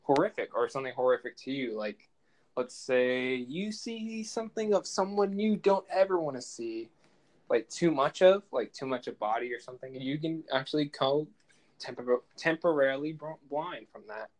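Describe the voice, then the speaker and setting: A man's voice: medium pitch, lively intonation, normal speed, rough recording. A young man co-hosting a casual podcast chat, rambling and laughing often. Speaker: podcast co-host.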